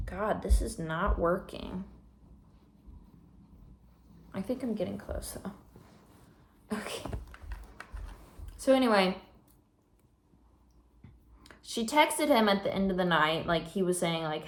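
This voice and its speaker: A woman's voice: mid-range voice, animated, slow pace, pauses often, reverberant, slight background noise. A teenage girl vlogging casually in her room, telling a story with lots of fillers while she works on something. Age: teens. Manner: chatty storytelling with many fillers. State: slightly out of breath. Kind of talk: casual vlog chat.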